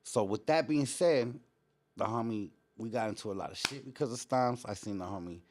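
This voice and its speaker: A man hosting a live show and telling stories in a slangy, profane, animated way. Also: lowish voice, fairly quick, noisy background. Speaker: host. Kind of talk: casual live-stream storytelling.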